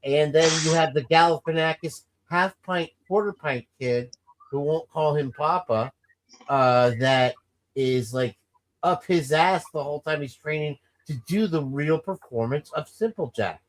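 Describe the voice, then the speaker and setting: Chatty guy host riffing on movies, kinda high voice, rambling. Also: measured pace, rough recording. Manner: rambling, jokey, quotes movie lines in shouted voices. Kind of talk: casual banter.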